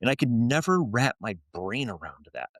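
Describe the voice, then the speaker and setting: A firefighter officer in his forties answers interview questions with stories, restarting earnestly and using fillers. His medium-pitched voice has a sing-song quality at a moderate pace, recorded dry with clean studio sound.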